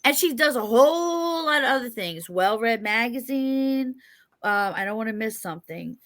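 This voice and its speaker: A woman with a New York accent hosts a casual interview, chatty and joking as she rambles from one point to the next. Her voice sits a bit high and rings bright and forceful. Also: lively intonation, moderate pace. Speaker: interview host.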